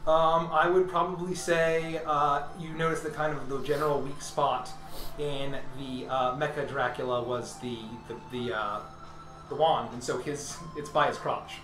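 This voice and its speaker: A man's voice: fairly high pitch, steady tone, a little slow, music in the background. Guy gm narrating a tabletop game, lots of uhs, far from the mic. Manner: loose, laughing narration with many fillers. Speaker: game master. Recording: echoey room, far from the mic.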